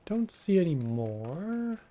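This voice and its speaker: A man's voice: a little high, big pitch swings, slow pace, mellow, slight background noise. Amused man streaming a game. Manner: amused, chatty asides between dialogue. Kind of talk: casual gaming commentary. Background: faint game music.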